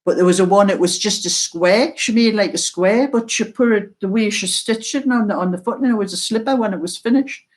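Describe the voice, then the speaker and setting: An older woman with a mild Geordie accent, chatting slowly and casually to her viewers as host of a knitting channel, laughing often. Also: mid-range voice. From North East England.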